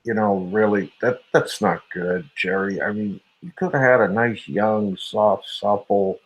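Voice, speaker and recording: A man's voice: lowish voice, fairly even intonation, unhurried, low-quality recording. A man hosting a live stream, crude and profane, mocking people and laughing often. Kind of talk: casual live stream chat.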